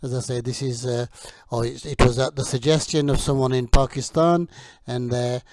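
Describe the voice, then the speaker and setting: A man teaching English vocabulary, who says each word slowly and clearly, then pauses so the learner can repeat it. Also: medium pitch, fairly even intonation, darkish tone, no room sound. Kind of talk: slow, deliberate vocabulary drill.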